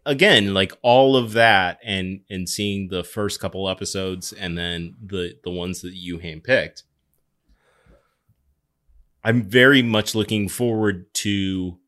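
Low bright-voiced man chatting casually. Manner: joking, crude, quick asides. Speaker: podcast co-host. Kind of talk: casual chat.

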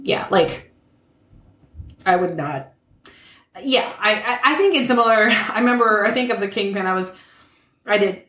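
A woman co-host talks it through slowly, restarting her thoughts. Her pitch is in the middle. The room gives an echoey sound. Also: expressive, fairly bright tone. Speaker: podcast co-host. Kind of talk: casual chat. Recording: roomy echo.

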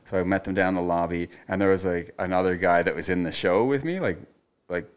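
Guy with a low voice rambling through a story, says like a lot, swears casually. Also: quick pace, clear, resonant tone. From Nova Scotia, Canada. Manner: loose, rambling, lots of "like" fillers and swearing. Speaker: podcast guest, chef.

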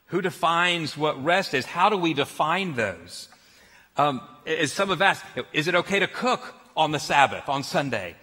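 A man's voice: on the high side, measured pace, in a large hall. A man preaching a sermon as pastor, telling stories with laughs. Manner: storytelling, animated with laughs.

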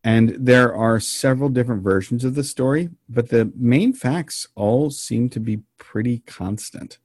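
A man co-hosting a podcast, telling an odd story in a casual, meandering way with deadpan jokes. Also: mid-range voice, measured pace, no echo, studio quality. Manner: deadpan joking, meandering with frequent ums.

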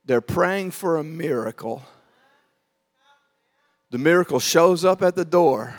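A man preaching a sermon, telling the story with animated acted-out voices, swinging from shouts to quiet asides. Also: slow pace, long reverb tail. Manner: animated storytelling, acting out voices, shouting then dropping low. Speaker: pastor.

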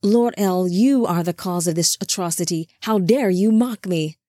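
Sly boastful male fallen angel, low mellow tone, dry close sound, voiced by a woman. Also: moderate pace, dry recording, close to an everyday voice. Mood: indignant.

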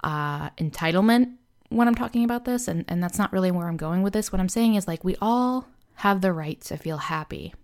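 Speaking briskly and with animation, a young woman with a lower-pitched voice hosts a casual motivational podcast. She talks openly and loosely, leaning heavily on "like" and "you know," and pokes fun at herself in a candid way.

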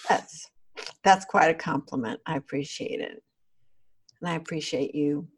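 A woman co-hosting a podcast, speaking in a calm, measured way about conversations. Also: deep voice, slightly rough. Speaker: podcast co-host. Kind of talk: reflective conversation.

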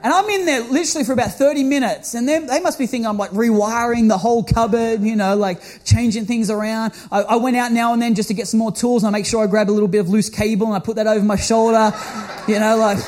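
A young man preaching, telling a funny personal story with animated, self-mocking bursts and laughter. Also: very high voice, fast. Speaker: pastor. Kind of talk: storytelling sermon.

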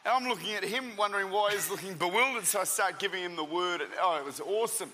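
A man who is a traveling preacher and senior pastor, telling stories as an interview guest in a lively way, often restarting and repeating words. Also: high voice, quick pace, big-room sound, low-quality recording.

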